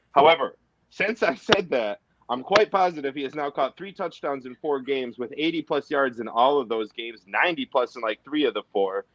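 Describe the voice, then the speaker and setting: A man's voice: medium pitch, dull audio, background noise. A man co-hosting a casual sports podcast, rambling and enthusiastic as he reels off stats. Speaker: podcast co-host.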